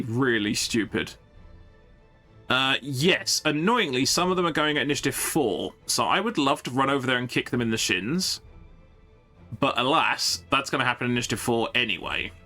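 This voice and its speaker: A man's voice: medium pitch, pushed and bright. A man giving casual, jokey live-stream commentary while playing a strategy game, often stumbling and restarting his sentences.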